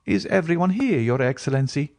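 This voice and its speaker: A man's voice: on the high side, animated, brisk, vocal fry, darkish tone, pitched above the performer's own voice. A man voicing an agitated male steward who speaks in an urgent, pressing way, in an audiobook reading. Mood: anxious. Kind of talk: audiobook character voice.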